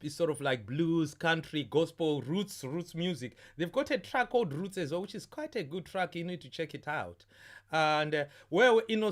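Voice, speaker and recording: Name: stream host. Sex: man. Pitch: high. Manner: jovial, chatty, repeats himself. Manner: jovial, repeats his words, chats to viewers. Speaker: host of an online carnival stream. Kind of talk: casual live-stream hosting.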